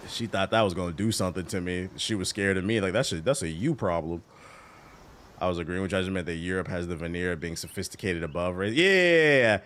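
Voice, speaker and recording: A man streaming a game while telling a story casually, animated, swearing and laughing a lot. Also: deep voice, fast talker. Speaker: gaming streamer.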